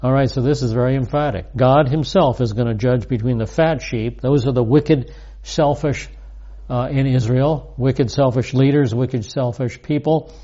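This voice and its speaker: A man giving a recorded Bible lesson, reading verses aloud with emphasis and explaining them in a measured teaching manner. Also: medium pitch, warm tone, highs cut off.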